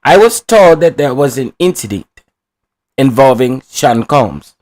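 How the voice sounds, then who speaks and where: A man's voice: mid-range voice, very animated, unhurried, a little mellow. A man voicing a male hotel worker testifying as a witness, with a Spanish-tinged Texan country accent. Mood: earnest.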